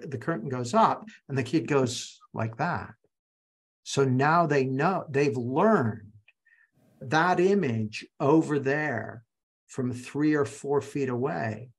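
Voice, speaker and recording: Brief: male masterclass speaker, rough husky voice, story-driven delivery over a video call. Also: mid-range voice. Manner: anecdotal storyteller, addresses audience directly. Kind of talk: live online teaching talk.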